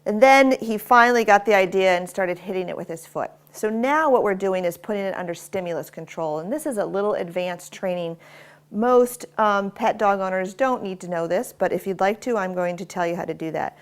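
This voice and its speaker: A woman's voice: medium pitch, brisk, clear, resonant tone. A woman dog trainer explaining commands and praising her dog as she works him. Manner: praises the dog warmly and often in a bright raised voice. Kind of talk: instructional dog training demo. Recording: faint background noise with clicker clicks.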